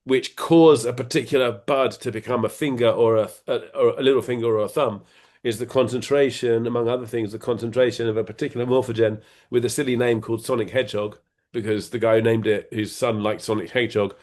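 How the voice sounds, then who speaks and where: A man's voice: mid-range voice, steady tone, fast talker, a little mellow. A middle-aged man as an interview guest, explaining ideas in a rambling, playful way with many restarts and fillers. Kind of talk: casual conversation.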